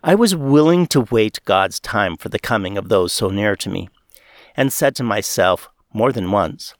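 Male audiobook reader, earnest and expressive, dry close recording. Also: lowish voice, dry recording. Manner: earnest, measured, expressive reading. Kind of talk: audiobook narration of a memoir.

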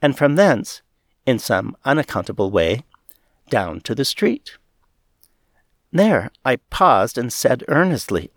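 Man reading a memoir, expressive. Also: medium pitch, no echo, clean studio sound. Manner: earnest, measured, expressive reading. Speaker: reader. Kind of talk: audiobook narration of a memoir.

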